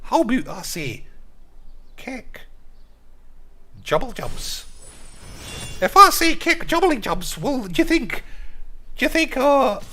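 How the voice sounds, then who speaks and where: A man doing a high-pitched squeaky voice of a giddy young male chat viewer. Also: very animated, slow, long pauses, sharp tone, exaggerated voice.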